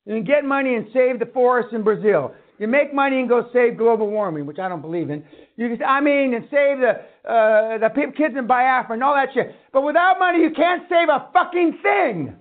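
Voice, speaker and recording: High-voiced swearing seminar man, tinny. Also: expressive, brisk. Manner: blunt, swearing, ranting. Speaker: seminar speaker. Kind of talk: profane motivational lecture. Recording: tinny phone-like sound.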